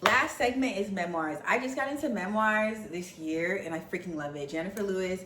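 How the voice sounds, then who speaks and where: A woman's voice: mid-range voice, brisk. Chatty young woman in an echoey room. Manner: chatty, animated, says y'all a lot. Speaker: book vlogger. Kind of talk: casual chat. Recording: echoey room, faint background hum.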